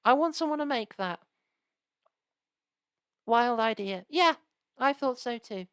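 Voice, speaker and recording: A woman's voice: fairly high pitch, animated, slow, smooth, no room sound. A woman chatting casually and rambling while she live-streams old games. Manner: rambling, chatty, lots of restarts and asides.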